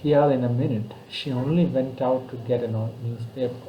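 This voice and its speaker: A man with an Indian English accent from Kerala, teaching grammar online over a video call, explaining slowly and patiently with many fillers. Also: mid-range voice, fairly even intonation, reverberant, lo-fi sound, slight background noise. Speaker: English tutor.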